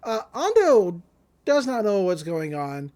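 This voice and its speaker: A woman co-hosting a podcast, casually recapping an anime episode in a lively way, often laughing and acting out the characters' lines. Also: mid-range voice, measured pace. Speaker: podcast co-host.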